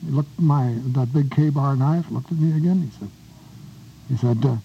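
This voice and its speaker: An older man with a gravelly, slightly high voice spins a rambling war story, restarting his sentences and putting on other people's voices as he goes. The recording is dull and lo-fi, with a faint hiss underneath. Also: normal speed, mellow. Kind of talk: oral history storytelling.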